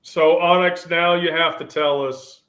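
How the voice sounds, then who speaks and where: A man hosting a relaxed group chat, rambling and often restarting his sentences. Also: on the high side, measured pace. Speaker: host. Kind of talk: casual chat.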